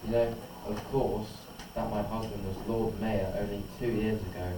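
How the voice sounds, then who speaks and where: A man's voice: lowish voice, steady tone, far from the mic, background noise, natural voice. A young man reading as a haughty society matron, echoey room. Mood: offended. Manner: plain, halting read-aloud delivery. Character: haughty upper-class mother, proud of status. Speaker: student reading a part aloud.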